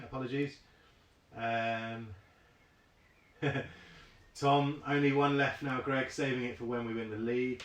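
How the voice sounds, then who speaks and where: A man's voice: medium pitch, echoey room, slight background noise. Chatty man hosting a whisky tasting. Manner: chatty, reads viewer comments aloud, many ums. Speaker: host of a live online whisky tasting. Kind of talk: casual live-stream tasting talk.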